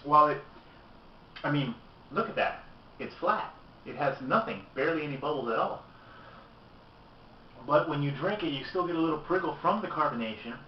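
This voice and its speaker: A man's voice: on the high side, lively intonation, normal speed, pauses often, slight background noise. A man casually reviewing a beer on video, chatty and candid as he tastes and comments. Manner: chatty and candid, tasting as he talks. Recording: roomy, distant, dull lo-fi camera audio.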